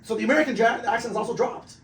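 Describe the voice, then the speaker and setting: A man hosting a casual podcast chat, throwing in quick slangy interjections and casual swearing. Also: very high voice, roomy sound, far from the mic, a crowd in the background, low-quality recording. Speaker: podcast host.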